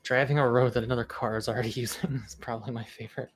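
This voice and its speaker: Streamer, mid pitch, rambling and stammering casual reader, breaks into a mock news-anchor read. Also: steady tone, rapid-fire. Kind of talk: casual chat, reading quizzes aloud.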